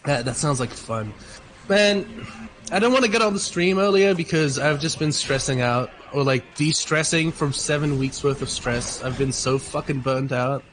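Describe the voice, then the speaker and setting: A man's voice: fairly high pitch, normal speed, a bit bright, slight background noise, low-quality recording. A man with an Australian accent chatting casually on a voice call, laid-back and swearing freely. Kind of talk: casual chat with friends. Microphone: voice call mic.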